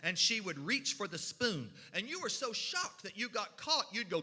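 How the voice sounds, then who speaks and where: A storyteller from the mountains, telling a funny story in a folksy, animated way, with sound effects and voices. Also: male voice, sits high, fairly quick, hardly any pauses. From Kentucky mountains. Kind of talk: humorous storytelling. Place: church hall. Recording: reverberant hall.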